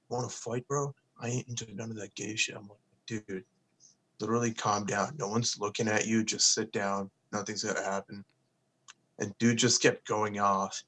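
Swearing freely and acting out quotes, a young man co-hosts a podcast and spins laid-back stories in casual chat. His voice sits fairly low with a bit of brightness.

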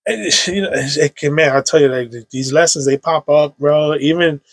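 Gravelly man telling a loose story. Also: on the high side, moderate pace, no room sound. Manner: loose, emotional storytelling with slang and fillers. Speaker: podcast guest. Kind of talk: casual conversation. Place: indoor recording room.

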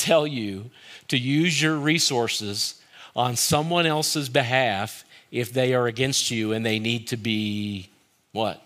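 Bright-voiced man preaching a sermon. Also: mid-range voice. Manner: animated preaching, swinging between loud bursts and quiet emphasis. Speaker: pastor. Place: church service streamed online.

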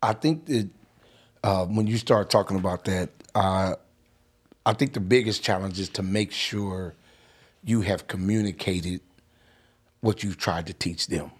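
A middle-aged man earnestly telling a family story in a casual chat, animated as he goes. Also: deep voice, measured pace, long pauses, husky.

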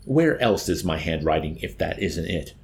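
A man's voice: animated, normal speed, creaky, darkish tone, slight background noise. A man doing a frantic, bewildered army chaplain. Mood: indignant. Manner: frantic, pleading, higher-pitched. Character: frightened bewildered army chaplain, male, adult.

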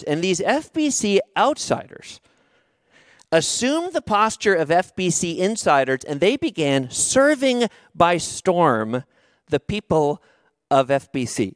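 A man's voice: a little high, dry recording, clean studio sound. A man preaching a sermon, telling a personal story with rhetorical questions and light humor. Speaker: pastor.

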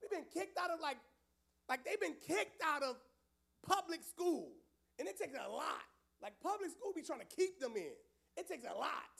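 A youth pastor telling a story to young people in a lively, casual way, with loud outbursts. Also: male voice, very high voice, moderate pace, vocal fry.

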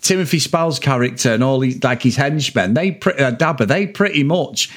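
A man's voice: medium pitch, animated, normal speed. A man in his forties, co-hosting a casual film chat podcast, rambling with plenty of swearing. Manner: rambling, swears freely, frequent laughs. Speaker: podcast co-host.

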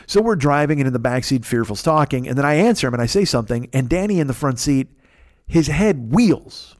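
A man's voice: medium pitch, lively intonation, a little fast, a little mellow, no room sound, clean studio sound. A man hosting a podcast, telling a comic story in a profane, exasperated way. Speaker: podcast host. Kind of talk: comedic storytelling.

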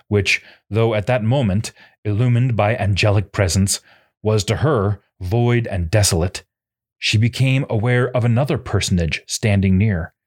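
A man giving scripted narration, reading formal scriptural prose in a solemn, measured way. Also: fairly low pitch, slightly rough.

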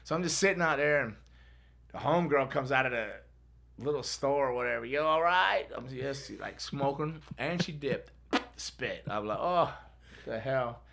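Middle-aged male podcast host, gravelly and bright, casual storyteller who laughs and acts out other voices. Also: medium pitch, normal speed, slight background noise.

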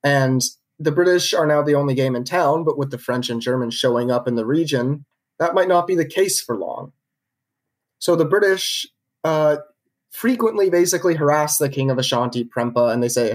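A man's voice: a little high, lively intonation, moderate pace. Casual man telling a history story. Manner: conversational, with frequent fillers and restarts. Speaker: podcast co-host narrating history.

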